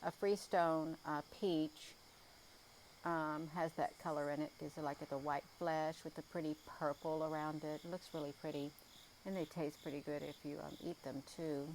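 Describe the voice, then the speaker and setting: Speaking at a moderate pace in a steady, darkish tone, a weary, yawning livestream host with a low voice chats casually with viewers while watching the night sky. Her talk drifts along, full of ums and uhs and a folksy "you all," over faint crickets and hiss. Audio quality is poor.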